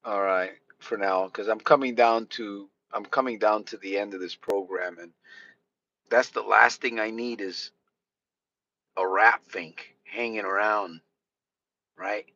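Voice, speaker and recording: This podcast host's voice sits on the low side, bright and forceful, with fairly even intonation and a slightly slow pace. He has a Connecticut accent and talks casually on a live stream, blunt and rambling with many restarts. The sound is dull and lo-fi, with faint noise.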